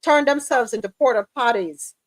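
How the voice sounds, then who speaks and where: A woman hosting a live news chat stream, lively and teasing, calling listeners by name. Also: on the high side, moderate pace, no room sound. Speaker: host.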